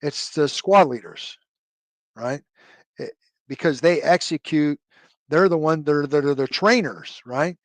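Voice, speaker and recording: Rambling retired army officer, dry sound. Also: male voice, on the high side, takes it slowly, long pauses, no echo. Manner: rambling, many fillers and restarts, loose military jargon. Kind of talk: anecdotal storytelling in an interview.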